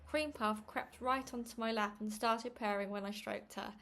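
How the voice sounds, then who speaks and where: A woman reading a children's novel aloud at home, in a steady, plain manner with small stumbles. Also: fairly high pitch, moderate pace. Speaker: reader. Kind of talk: read-aloud storybook narration.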